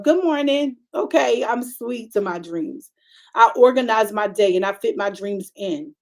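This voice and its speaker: A middle-aged woman pastor who preaches like she is talking to friends, in a loose vernacular style. She climbs again and again into sharp, emphatic high notes. Her voice sits at a middle pitch. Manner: conversational preaching, rising to emphatic high bursts. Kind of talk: sermon.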